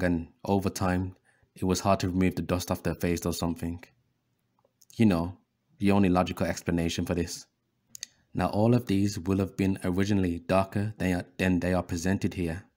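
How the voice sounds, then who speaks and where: A low-voiced man narrates over images like a preacher, leaning on the word brothers and circling back on his own phrases. His tone is deep and mellow, with plenty of ums and restarts. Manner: preachy, addresses listeners as brothers; repeats words, frequent fillers and restarts. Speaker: history video host.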